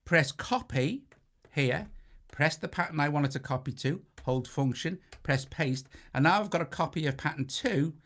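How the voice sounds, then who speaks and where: A man's voice: a little high, lively intonation, moderate pace, fairly bright tone. A man with a British accent hosting a hands-on synthesizer tutorial, talking casually and correcting himself as he presses buttons. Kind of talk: hands-on gear walkthrough. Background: synthesizer sequences playing.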